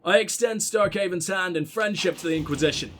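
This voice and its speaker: A man's voice: high voice, fairly quick, fairly bright tone, a little hiss or hum, pitched below the performer's own voice. A man voicing a formal, devout young male prince with a put-on Irish accent, reading a letter in a stately, ceremonious way. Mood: solemn.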